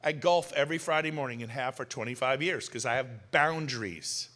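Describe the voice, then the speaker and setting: A middle-aged man with a bright, forceful voice, pitched a little high for a man, speaking on stage in a big hall. He tells punchy stories and throws quick questions at the crowd, and his voice carries a long reverb off the room. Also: lively intonation. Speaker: motivational speaker. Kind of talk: energetic stage talk to an audience. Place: large hall.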